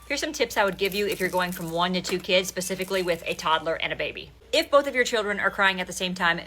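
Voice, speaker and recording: A woman's voice: fairly low pitch, bright, forceful tone. A young adult woman, a mother, giving practical parenting tips to camera in a casual, direct way. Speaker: parenting content creator.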